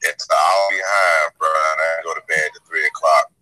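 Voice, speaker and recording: A man's voice: extremely low pitch, steady tone, normal speed, pushed and bright, faint music behind, low-quality recording. A man joining a live show over a video call, laid-back and brief. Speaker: guest on call. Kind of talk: casual chat over a call.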